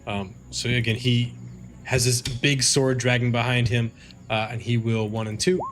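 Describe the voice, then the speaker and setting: A man's voice: mid-range voice, little pitch movement, moderate pace. A man narrating as game master in a tabletop game, loose and rambling with many fillers.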